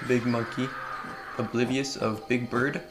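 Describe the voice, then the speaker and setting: A man doing let's play commentary, excitable and prone to yelling reactions and silly caveman talk. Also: mid-range voice, measured pace. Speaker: gaming video creator. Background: game music.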